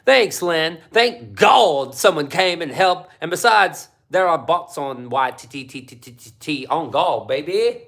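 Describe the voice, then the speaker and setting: A man's voice: a little high, measured pace, few pauses. A man hosting a casual livestream, reading viewer chat and ranting with lots of swearing. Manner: profane, animated ranting. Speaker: livestream host.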